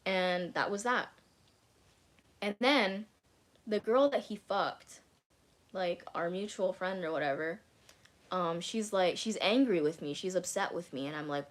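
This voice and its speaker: Young woman ranting a storytime vlog, lowish voice, swears a ton, says like constantly. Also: a little slow, pauses often. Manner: candid, swears a lot, fillers of "like". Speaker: vlogger. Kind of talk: casual storytime chat.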